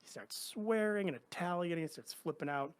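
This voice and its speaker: A middle-aged man on a podcast, casually telling an animated story and acting out the other people's lines. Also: on the high side, normal speed, clear, resonant tone. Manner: animated anecdotes, acts out quoted voices. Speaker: podcast guest.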